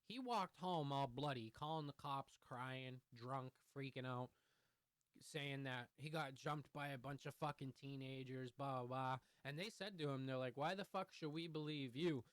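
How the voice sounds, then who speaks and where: A man's voice: mid-range voice, measured pace, smooth, dry recording. A young man telling a heated, profanity-heavy story in a storytime vlog. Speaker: vlogger.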